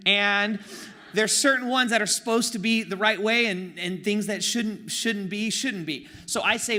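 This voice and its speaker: A young man from Oakland telling a funny personal story in a sermon, animated and self-mocking with sarcastic asides. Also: sits high. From East Bay of San Francisco, Oakland. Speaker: pastor.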